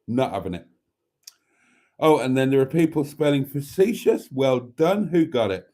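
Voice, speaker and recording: A man's voice: mid-range voice, big pitch swings, normal speed, dark tone. A man hosting a live stream, chatting casually and rambling as he reads viewer comments aloud, with mild swearing. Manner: rambling, chatty, self-deprecating, swears mildly.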